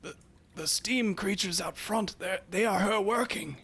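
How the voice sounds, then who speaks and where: A man's voice: high voice, unhurried, creaky, fairly bright tone, breathy edge, voice pushed up, exaggerated voice. A man voicing a panicked old male priest who stammers and begs for help. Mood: pleading. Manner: pleading, stammering, repeats words.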